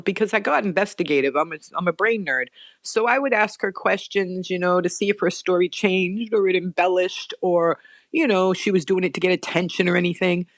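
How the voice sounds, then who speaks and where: A middle-aged woman telling a personal story as a guest, earnest and animated, often restarting her sentences. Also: lowish voice, no echo, clean studio sound.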